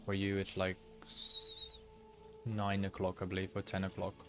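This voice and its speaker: A man's voice: sits low, monotone, moderate pace. A man streaming a video game and chatting easily with his viewers as he plays. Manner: easygoing, chats with viewers while playing. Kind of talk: casual live-stream chat while gaming. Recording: game music playing under the voice. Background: game music.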